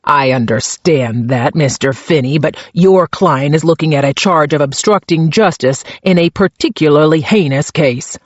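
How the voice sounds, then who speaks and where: A man voicing a calm, pleasant senior female police investigator who speaks in a measured, quietly pointed way. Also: fairly high pitch, dry recording, lo-fi sound, natural voice.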